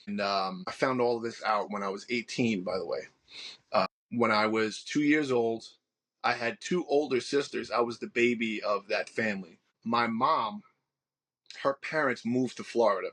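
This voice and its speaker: A man's voice: medium pitch, a bit bright. A man in his forties with a Long Island accent, a pastor telling his life story in a podcast interview, earnest and full of restarts. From Long Island, New York. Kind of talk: podcast interview, personal testimony.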